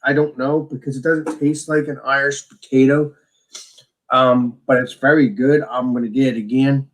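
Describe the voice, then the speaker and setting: A man's voice: medium pitch, steady tone, normal speed. A man co-hosting a casual beer tasting chat, talking with enthusiasm and rambling restarts. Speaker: beer reviewer co-host.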